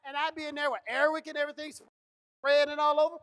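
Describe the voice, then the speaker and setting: A man with a strikingly high voice tells a comic story to a live audience. He is middle-aged and animated, jumping into the voices of the people he quotes. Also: fast talker. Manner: animated, acts out dialogue. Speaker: comedian. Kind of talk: comedic storytelling. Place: event stage.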